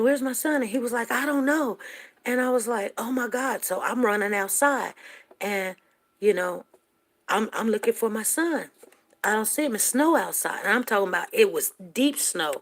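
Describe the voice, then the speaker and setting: An older woman tells a personal story in a rambling, heartfelt way. Her voice sits low and carries a gravelly fry. At tense moments she rises toward near shouting.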